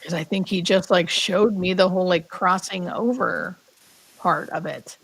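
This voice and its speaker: A fairly low, slightly rough voice with vocal fry, at normal speed, captured in a dry, low-quality recording. The speaker is a thirtysomething hospice nurse guest recounting a personal story with feeling, sprinkling in many "like" fillers and whispering when she quotes.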